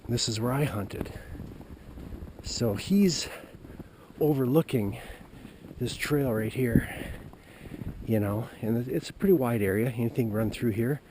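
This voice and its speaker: A man telling a hunting story as he walks a forest trail at dusk, recorded on a handheld camera, halting and folksy with lots of fillers. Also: mid-range voice, background noise. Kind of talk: rambling walk-and-talk vlog. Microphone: handheld camera while walking.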